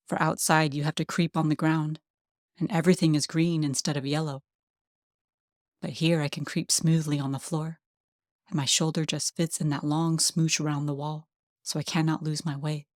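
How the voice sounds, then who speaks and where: An audiobook reader giving a calm, gentle, unhurried narration of a classic story. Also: mid-range voice, no echo, clean studio sound.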